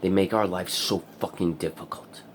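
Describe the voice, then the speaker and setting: A man's voice: deep voice, steady tone, normal speed, slight background noise. A man angrily ranting in a personal vlog, swearing a lot. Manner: angry, profane ranting. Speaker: vlogger. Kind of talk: vlog rant.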